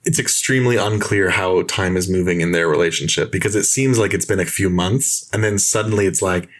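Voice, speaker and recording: A young man hosting a film podcast, casually and mockingly retelling movie scenes with animated play-acting. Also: deep voice, fairly quick. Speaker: podcast host.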